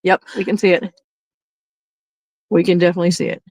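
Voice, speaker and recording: Outdoors at night, a middle-aged livestream host chats playfully into a handheld phone and laughs a lot. Her voice is lowish and darkish, with a flat, fairly quick delivery. The audio is poor, with no room sound.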